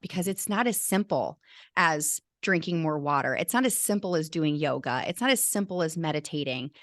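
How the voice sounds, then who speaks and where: Earnest, bright-voiced woman telling her story. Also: low-pitched, no echo, clean studio sound. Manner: earnest, emotional, with many restarts. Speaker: guest, teacher and burnout coach. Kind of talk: candid personal storytelling.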